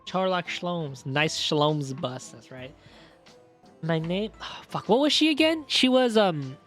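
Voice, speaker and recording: A man's voice: a little high, sing-song, unhurried, fairly bright tone, faint music behind. A man streaming a game, reading the lines aloud and chatting and laughing with a friend. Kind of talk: casual game commentary.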